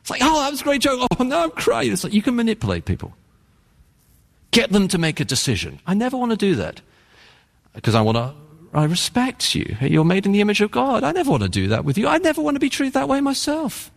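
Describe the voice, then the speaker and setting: A man preaching a sermon as pastor, earnest and emphatic, with dramatic pauses and shifts in pace. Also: high voice, huge pitch swings, gravelly, in a large hall.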